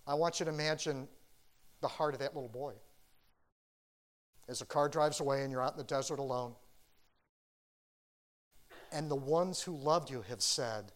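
A man preaching a sermon as a pastor, earnest, swinging from loud urging to hushed quiet. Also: medium pitch, normal speed, pauses often.

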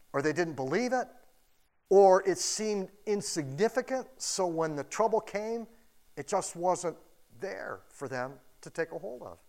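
A pastor giving a casual, animated sermon in a church, acting out quoted voices as he goes. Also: sits high. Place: church building.

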